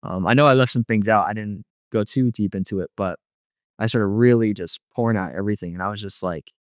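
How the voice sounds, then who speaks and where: A man's voice: on the low side, brisk, no echo, studio quality. A man giving a personal testimony as an interview guest, rambling and filling his speech with frequent "you know.". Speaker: guest telling his life story.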